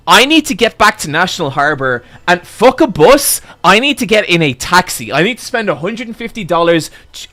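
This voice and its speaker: A man streaming live and telling a long, exasperated anecdote to his chat, swearing freely and getting loud at the punchlines. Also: a little high. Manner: profane, exasperated, building to loud outbursts. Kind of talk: animated storytelling to a live chat.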